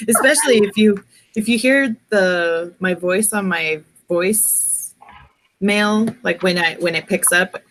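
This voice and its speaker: A woman with a slightly raspy voice chatting casually with friends, laughing often and speaking in a sing-song way. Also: mid-range voice, slow pace, a bit bright, slight background noise. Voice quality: slightly raspy, coughs easily. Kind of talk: casual chat.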